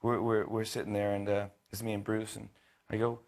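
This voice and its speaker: A man in his thirties, a talk show host, telling a casual anecdote with lots of restarts, quick impressions and laughter. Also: fairly low pitch, little pitch movement, darkish tone.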